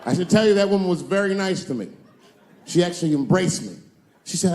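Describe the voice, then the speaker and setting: A man performing a stand-up comedy set, telling stories with animated delivery and acting out other people's voices. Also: high-pitched, fairly quick. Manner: animated storytelling, acts out characters' voices.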